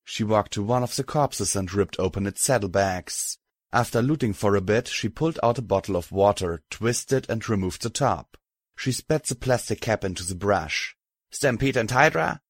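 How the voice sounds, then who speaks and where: A man narrating a storybook in a steady, measured way. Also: fairly low pitch, no echo. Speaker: audiobook narrator. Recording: dry close mic, faint music.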